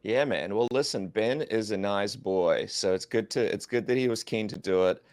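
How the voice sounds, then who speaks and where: A man's voice: lowish voice, normal speed, darkish tone. A man hosting a podcast in casual, jokey banter. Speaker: podcast host. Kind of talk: casual chat.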